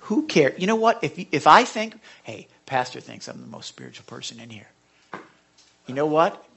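A man's voice: on the high side, very animated, normal speed, vocal fry, husky. Emphatic male pastor preaching a sermon. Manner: emphatic, swings between loud appeals and hushed scripture readings; talks to the congregation directly with questions. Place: church sanctuary.

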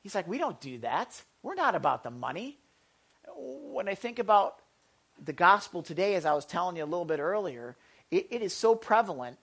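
A man's voice: high-pitched, big pitch swings, normal speed, creaky, a bit bright, husky. A male pastor giving a conversational sermon, with joking asides to the congregation and frequent stammered restarts.

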